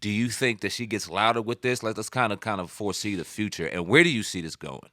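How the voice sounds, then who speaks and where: This man speaks on the low side, quickly, with a sharp tone, recorded dry and at studio quality. He hosts a hip hop news show, offering casual commentary in a loose, slangy, conversational style.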